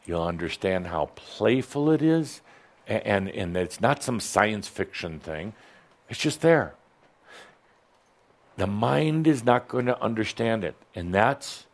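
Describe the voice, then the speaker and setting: A man's voice: sits low, animated, takes it slowly. A man giving a playful spiritual talk to a live audience, teasing, joking and leading them in call-and-response. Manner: teasing, joking, often laughing mid-phrase.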